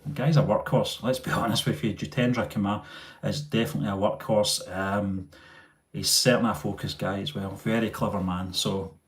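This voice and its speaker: A man's voice: fairly low pitch, steady tone, normal speed. Chatty man on a phone. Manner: rambling, many fillers and restarts. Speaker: channel host. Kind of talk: live chat with viewers. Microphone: mobile phone.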